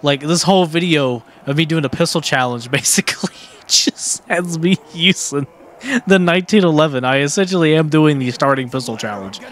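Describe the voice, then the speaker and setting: A young man giving casual, excitable commentary on his own gameplay, laughing often and repeating himself. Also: fairly high pitch, moderate pace. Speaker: gaming streamer. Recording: faint background noise.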